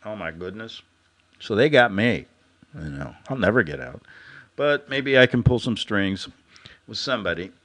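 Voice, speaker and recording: A man's voice: fairly low pitch, sing-song, moderate pace, pauses often, a bit bright. A man hosting a radio show, telling a rambling satirical story and chuckling at his own jokes.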